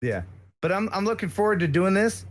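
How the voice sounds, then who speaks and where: A man's voice: sits high, lively intonation, fairly quick. An American man chatting casually as a guest on a live stream, rambling and joking with lots of filler words.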